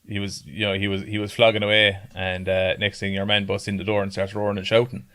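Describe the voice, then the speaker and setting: A man's voice: on the low side, little pitch movement, fast, pushed and bright. An Irish man telling a rambling story in casual chat, swearing often and laughing along as he goes. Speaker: podcast guest.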